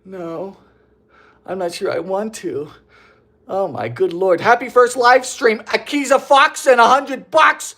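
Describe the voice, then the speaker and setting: Speaking at a normal speed in a high voice, a young man with a gentle Bermudian accent bakes on a live stream. He plays the host with animated, theatrical flair and keeps the jokes coming.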